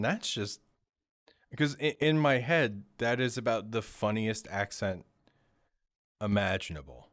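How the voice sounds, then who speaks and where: A man's voice: lowish voice, measured pace, long pauses, fairly bright tone, dry recording. A man from Maryland hosting a casual studio talk show, joking and laughing often with his guest. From Maryland, USA.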